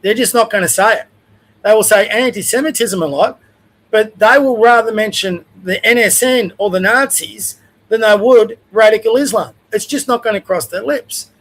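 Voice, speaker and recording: A man's voice: high voice, normal speed, a bit bright, rough recording. An older Australian man hosting a livestream, giving blunt, conversational opinions in a casual rant. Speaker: livestream host.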